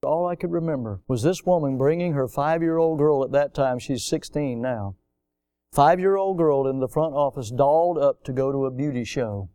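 A man preaching a sermon as pastor, emphatic and repetitive, swinging between loud outbursts and hushed lines. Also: medium pitch, moderate pace, no room sound.

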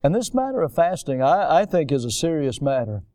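A man's voice: fairly high pitch, very animated, a little fast, warm tone, dry recording, studio quality. A man pastor delivering a sermon in a folksy, emphatic way, drawing out stressed words.

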